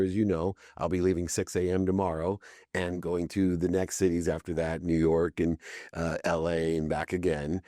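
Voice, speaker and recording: A middle-aged man, a podcast guest, telling lively stories in a casual interview and acting out the dialogue he quotes. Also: low-pitched, no room sound, clean studio sound. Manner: lively storyteller who acts out quoted dialogue. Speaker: podcast guest, entrepreneur and speaker.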